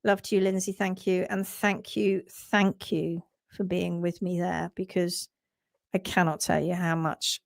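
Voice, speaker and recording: A woman's voice: mid-range voice, vocal fry, a bit bright, no room sound, clean studio sound. A woman co-hosting a podcast in casual live chat, passionate, often reading out viewer comments. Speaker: podcast co-host.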